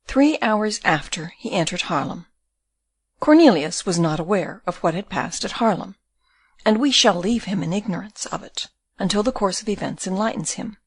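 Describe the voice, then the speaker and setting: A woman reading an audiobook with measured, even storytelling. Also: mid-range voice, no room sound. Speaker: audiobook reader. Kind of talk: audiobook narration.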